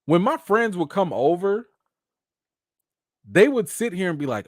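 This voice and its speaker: A man hosting a live commentary chat, talking in an animated, slangy way. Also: high voice, a little slow, long pauses, dry recording, clean studio sound. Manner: animated, slangy, acts out quotes. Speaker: host.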